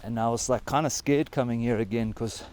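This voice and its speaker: A man's voice: medium pitch, a little fast, a little mellow. A man in his thirties with a South African accent, talking casually to camera while hiking outdoors and short of breath, rambling with lots of fillers. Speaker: travel vlogger. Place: outdoors on a high mountain trail.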